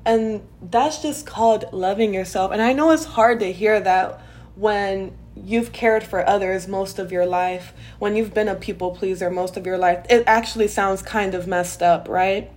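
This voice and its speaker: A young adult woman hosting a personal podcast, telling her own story in a candid, expressive way, often laughing and talking straight to her listeners. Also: medium pitch, unhurried. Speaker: podcast host.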